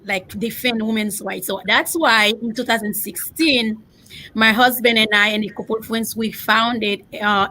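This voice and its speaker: A middle-aged woman with a Haitian accent tells her story as a candidate, earnest and halting, with pauses and fillers. Her voice sits a little high, carried over a video call. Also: fairly bright tone, low-quality recording. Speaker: political candidate. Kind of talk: earnest personal account on a panel.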